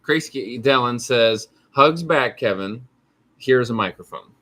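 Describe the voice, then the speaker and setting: A man's voice: medium pitch, lively intonation, measured pace, pushed and bright. A man hosting a casual live stream, easygoing as he reads out viewer comments. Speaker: host reading viewer comments.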